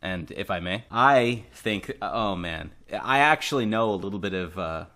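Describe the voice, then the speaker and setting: A young man in casual podcast chat with a somewhat low voice. He talks earnestly and with feeling, laughs easily and fills his sentences with "like" and "I mean". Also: animated, moderate pace, sharp tone. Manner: earnest, laughs easily, uses many fillers. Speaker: podcast co-host.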